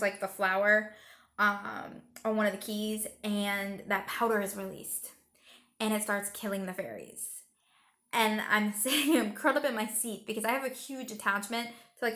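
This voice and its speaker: A woman's voice: mid-range voice, sharp tone. A young woman giving a casual, rambling movie review. She retells the plot emotionally, with lots of fillers, and sounds tired.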